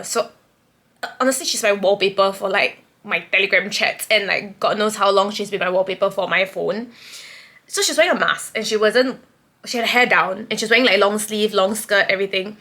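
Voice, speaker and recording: A woman's voice: mid-range voice, bright, forceful tone. A young woman from Singapore with a Singaporean English accent tells a rambling, breathless storytime vlog, swearing, laughing and dropping to a whisper as she relives the moment. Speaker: vlogger.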